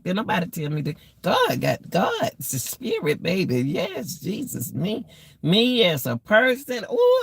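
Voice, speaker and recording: A woman's voice: fairly low pitch, gravelly, breathy edge, dry recording. A woman giving casual life advice to her viewers, preachy, repetitive and emotional. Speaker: vlogger.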